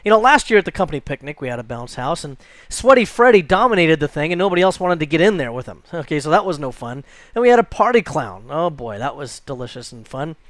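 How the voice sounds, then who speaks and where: A man teaching a screen-recorded software tutorial, chatty and jokey, thinking aloud as he clicks through. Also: a little high, very animated, fast, no echo. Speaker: computer instructor.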